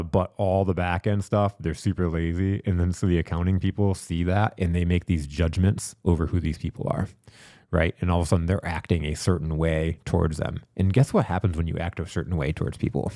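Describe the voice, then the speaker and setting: A man's voice: low voice, dark tone, no room sound, clean studio sound. A man hosting a podcast, telling candid personal stories in a rambling, reflective way with many repeated words. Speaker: podcast host. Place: studio.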